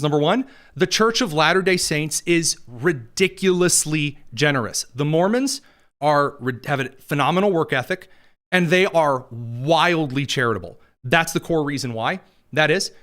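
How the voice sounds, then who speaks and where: A man's voice: on the high side, fairly bright tone. A man hosting a political commentary show, talking in a sarcastic, mocking way.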